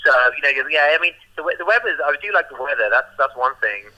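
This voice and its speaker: A young man from Birmingham, England, with the local accent, talks in a rambling, casual interview packed with "like" and "you know." He's a roller skating performer whose fairly high voice is animated, quick, pushed and bright. The audio quality is poor.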